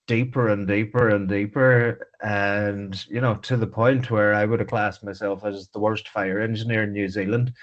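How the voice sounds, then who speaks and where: Irish man, low voice, candid storyteller. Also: fairly even intonation, moderate pace, few pauses. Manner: frank, reflective, pours out his story in long runs. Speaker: podcast guest, fire engineer. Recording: slightly muffled podcast audio.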